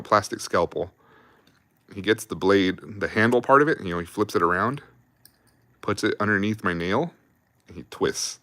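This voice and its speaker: A man's voice: low voice, bright, forceful tone, no echo. A young adult man telling army stories on a livestream in a casual, rambling, profane way, laughing often. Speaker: livestream host.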